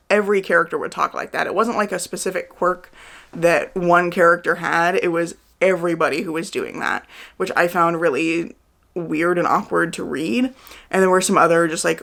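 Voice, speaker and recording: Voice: mid-range voice, normal speed, creaky, fairly bright tone. A book vlogger around thirty giving a chatty, candid reading wrap-up, with lots of "like" fillers. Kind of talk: casual monthly reading wrap-up.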